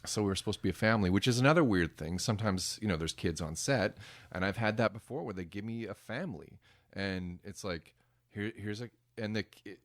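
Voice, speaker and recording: A man guest telling lively stories about his work as a background performer and acting out what people said. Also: on the low side, a little fast. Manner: animated, acts out quoted voices. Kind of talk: casual interview storytelling.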